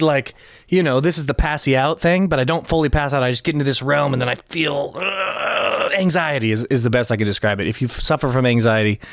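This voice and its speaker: A man hosting a podcast, telling a story in an animated way and acting out what people said. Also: mid-range voice, vocal fry, dry recording, studio quality. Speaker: podcast host. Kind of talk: casual podcast chat. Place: recording studio.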